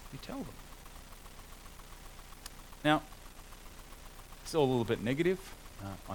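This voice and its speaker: A man's voice: mid-range voice, noisy background. Earnest male preacher delivering a sermon. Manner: earnest, rising to emphatic exhortation with rhetorical questions.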